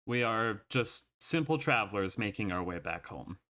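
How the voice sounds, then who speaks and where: A man's voice: on the low side, animated, moderate pace, sharp tone, pitched below the performer's own voice. A man voicing a weary elf ex-ranger. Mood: apologetic.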